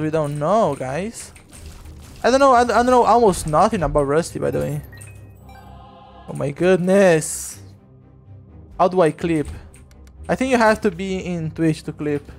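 A male streamer chatting casually to his audience while playing a game, rambling and laughing, with sudden loud outbursts. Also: a little high. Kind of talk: casual gameplay livestream chat.

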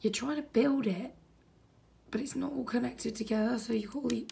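A woman's voice: fairly high pitch, fairly quick, gravelly, mellow, a little hiss or hum. A woman vlogging with exasperated, sweary commentary, often muttering under her breath. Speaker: video creator. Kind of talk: frustrated casual vlog commentary.

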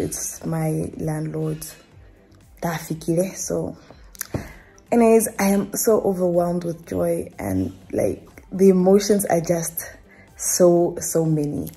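A woman's voice: lowish voice, dark tone. A young Namibian woman with a Namibian accent, talking to camera at home in an emotional, rambling vlog. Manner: emotional, rambling, fillers and restarts. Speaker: vlogger. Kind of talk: casual vlog talk to camera. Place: at home indoors.

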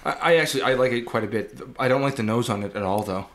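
A man co-hosting a podcast in casual chat, speaking in a measured way with frequent "uh" and "um" pauses. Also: medium pitch, fairly bright tone. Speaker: podcast co-host.

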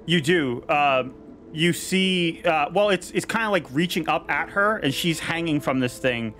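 A man serving as dungeon master, narrating a tabletop game with vivid description and slowing down for dramatic moments, on a headset over a video call. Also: fairly high pitch, fairly bright tone.

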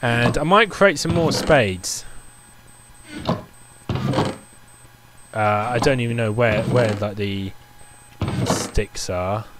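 A man's voice: mid-range voice, takes it slowly, long pauses, noisy background. A young man commentating his Minecraft game, ranting in an exasperated, repetitive way. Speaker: gaming YouTuber. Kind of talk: Minecraft let's play commentary.

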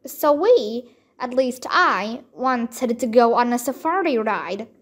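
An eager, chatty little girl from a storybook, bubbling over with excitement, as a woman reads her aloud. The voice sits high and the delivery is slow and careful. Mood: flustered. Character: cheerful eager young girl.

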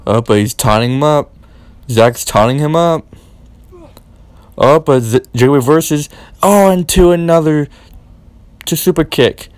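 A young man giving excited play-by-play commentary on a wrestling match, repeating his exclamations and swinging between hushed and loud. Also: a little high, normal speed, no room sound.

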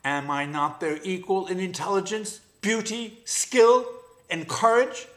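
Guy putting on a jumpy little jackal pup, vain and snippy, high yappy voice, storybook. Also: lively intonation, measured pace, fairly bright tone. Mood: indignant. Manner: yapping, anxious and snappish. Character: vain, jittery young male jackal cub. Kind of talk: storybook reading.

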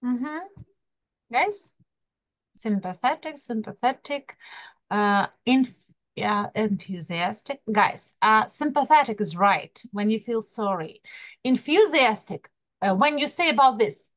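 A woman's voice: on the high side, expressive, measured pace, fairly bright tone, no room sound. A woman teaching an English class online over a video call, coaxing her students and calling on them by name while repeating key words.

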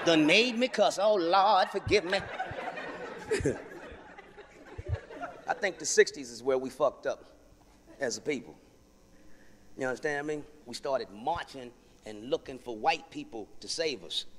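A man performing stand-up comedy, profane, loud and animated in his storytelling. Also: fairly high pitch, a little slow, pauses often, background noise. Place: large venue with audience. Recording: live hall with loud crowd.

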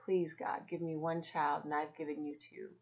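A woman voicing God as a soft, lovingly patient presence gently correcting her. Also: medium pitch, expressive, measured pace, dull audio, close to an everyday voice. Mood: gently reproving.

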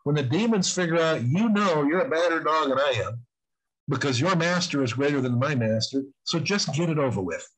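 Older male interview guest, husky and slightly high, earnest storyteller who drags out his emphasis. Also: animated, a bit bright, rough recording. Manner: earnest, emphatic, drawn-out stresses on key points. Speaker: guest on spiritual warfare.

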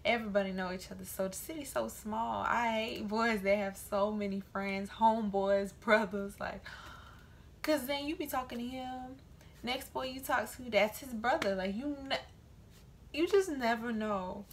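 A young woman vlogging casually to her camera, telling animated stories and acting out the voices of the people in them. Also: a little high, moderate pace, slight background noise. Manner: animated storytelling, quoting voices.

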